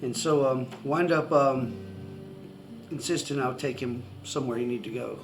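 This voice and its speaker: A man telling a personal testimony story to the camera, excitable and rambling with many restarts. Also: medium pitch, normal speed, music in the background, low-quality recording. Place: indoors, seated facing the camera.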